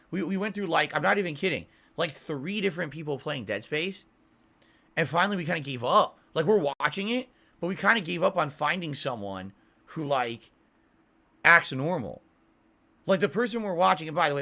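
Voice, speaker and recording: Brief: exasperated male YouTuber ranting, repetitive and profane, somewhat high voice. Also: sharp tone. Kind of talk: ranting monologue.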